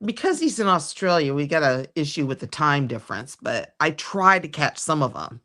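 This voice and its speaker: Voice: mid-range voice, very animated, moderate pace, bright, forceful tone. Chatty, rambling livestream host. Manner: rambling, chatty, trails off mid-sentence. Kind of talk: casual chat.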